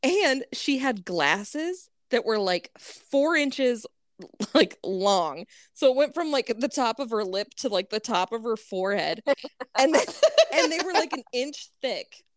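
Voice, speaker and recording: Woman, storyteller cohost, higher pitch, meandering chatty delivery, dry mic. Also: very animated, takes it slowly, dry recording. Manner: rambling, lots of "like", laughs mid-sentence. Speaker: podcast co-host telling a story. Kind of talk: casual storytelling chat.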